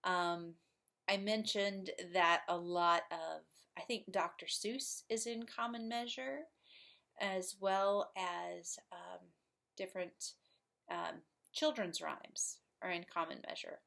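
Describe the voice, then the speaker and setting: A woman's voice: on the low side, steady tone, takes it slowly, creaky, a bit bright. A middle-aged woman teacher giving a poetry lesson, explaining patiently with little chuckles.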